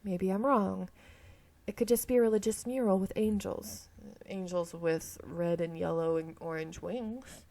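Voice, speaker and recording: A woman's voice: medium pitch, steady tone, unhurried, creaky, dark tone. A woman reading a romance visual novel aloud, often stumbling and correcting herself, with chatty asides. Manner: reads narration, stumbles and self-corrects, laughs at herself. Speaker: game streamer reading aloud.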